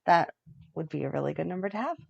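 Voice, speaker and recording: A woman's voice: deep voice, lively intonation, fast, vocal fry, darkish tone, husky, no echo, dull audio. Wry, laid-back woman podcast co-host. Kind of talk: casual chat.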